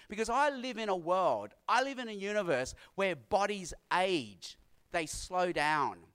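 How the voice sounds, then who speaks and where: A middle-aged man delivers a sermon in a notably high voice. He preaches earnestly, circling back to repeated phrases and letting dramatic pauses land between them. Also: expressive, a bit bright, clean tone. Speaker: pastor.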